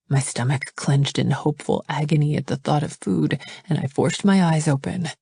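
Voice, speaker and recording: A woman narrates a first-person novel in a quiet, intimate read. Her low voice is dark and husky, with a dry, close sound. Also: moderate pace, hardly any pauses, no echo. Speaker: audiobook narrator.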